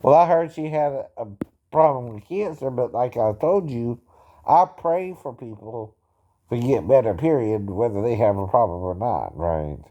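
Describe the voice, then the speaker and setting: A man's voice: mid-range voice, expressive, normal speed, dull audio. A man chatting casually about his singing impressions, tagging nearly every phrase with a questioning "right?" and chuckling often in a slightly self-conscious way. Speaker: amateur impersonator explaining singing impressions. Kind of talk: casual talking-head chat.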